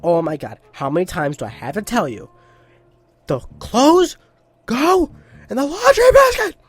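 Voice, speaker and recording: A man's voice: very animated, unhurried, slightly rough, no room sound, heavily acted. A man voicing an exasperated young girlfriend who shrieks as she nags about laundry. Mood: furious. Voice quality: shrill shrieking.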